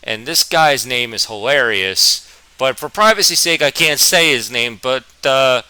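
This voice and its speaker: A young man from New Jersey telling a storytime vlog, with a halting, stammering, self-deprecating manner. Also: medium pitch, lively intonation, sharp tone, clear, resonant tone, dry recording, low-quality recording. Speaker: vlogger.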